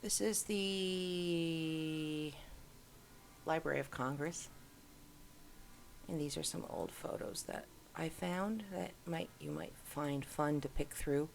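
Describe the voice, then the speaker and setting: A woman's voice: low voice, slow, vocal fry, pauses often, a little hiss or hum. A middle-aged woman hosting, giving casual commentary while browsing on screen and musing aloud as she goes. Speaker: host.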